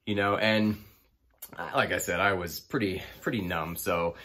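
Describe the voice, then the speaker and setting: A man's voice: sits low, normal speed, sharp tone. A man casually telling a personal story, rambling with many fillers and restarts.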